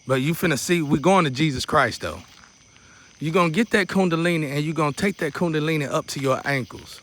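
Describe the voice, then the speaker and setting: A man with a fairly high voice leads a guided meditation in a loose, chatty way. He repeats his steps over and over and slips in preacherly asides as he teaches. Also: fairly quick, fairly bright tone. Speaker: spiritual teacher.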